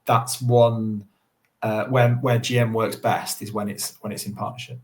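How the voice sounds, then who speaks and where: A man's voice: fairly low pitch, little pitch movement, unhurried. A man, speaking earnestly on a webinar panel over a video call, with many restarts and fillers. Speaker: council estates lead.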